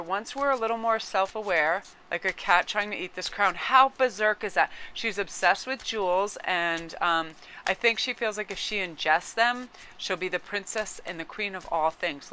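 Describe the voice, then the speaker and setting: A woman's voice: medium pitch, sharp tone, a little hiss or hum. A woman giving a casual tarot reading, chatting with her viewers and aside to her cat. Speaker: tarot card reader.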